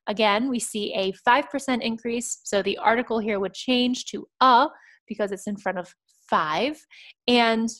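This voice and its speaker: A woman teaching an English exam writing lesson, explaining each point patiently and clearly. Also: mid-range voice, fairly bright tone. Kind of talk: scripted lesson narration.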